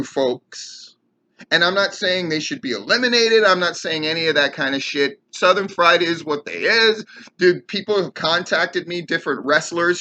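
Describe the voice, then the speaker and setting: On his own commentary show, this podcast host and wrestling commentator rants angrily and sarcastically, cursing a lot. His voice is a little high, pushed and bright.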